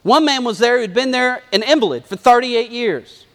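Animated high-voiced preacher, echoey hall. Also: male voice, normal speed. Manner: animated, conversational preaching with acted-out asides. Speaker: pastor. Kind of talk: sermon.

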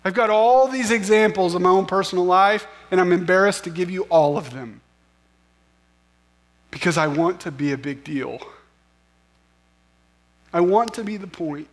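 A man's voice: high voice, moderate pace, pauses often. A man preaching a sermon as pastor, conversational and self-deprecating, often asking the listeners questions.

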